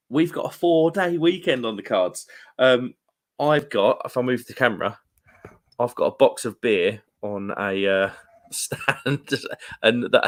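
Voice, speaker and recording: A man with a British accent hosting a casual live stream, chatty and rambling, with quick laughs and slangy asides. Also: mid-range voice, a bit bright. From United Kingdom. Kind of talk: casual live stream chat, reading viewer comments. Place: room at home.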